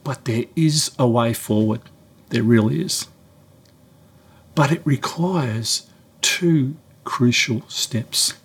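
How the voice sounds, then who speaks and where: Husky, middle-aged male preacher; storytelling delivery. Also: slow, long pauses. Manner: animated storyteller, acts out dialogue with raised pitch. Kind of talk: sermon-style talk with storytelling.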